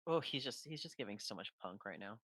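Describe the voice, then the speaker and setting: A man's voice: lowish voice, lively intonation, brisk, fairly bright tone. A man co-hosting a live stream while drawing, talking casually and laid-back, trailing off mid-thought. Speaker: co-host and artist drawing live.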